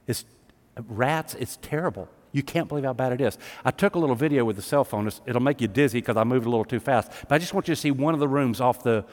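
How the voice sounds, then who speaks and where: A man's voice: mid-range voice, fast talker, darkish tone. A man preaching a sermon to a congregation, talking in an emphatic, conversational way. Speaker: pastor. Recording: long hall reverb, live sermon.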